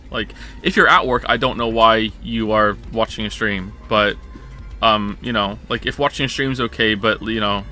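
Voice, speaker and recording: Bright-voiced man, rambling stream chat. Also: medium pitch. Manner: rambling, self-correcting, jokey.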